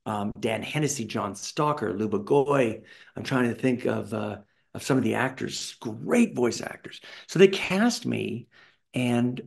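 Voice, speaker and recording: A middle-aged Canadian man telling animated stories in an interview, acting out the people in them. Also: medium pitch, vocal fry. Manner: animated, does voices of people in his stories. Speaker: voice actor guest. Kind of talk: anecdotal interview storytelling.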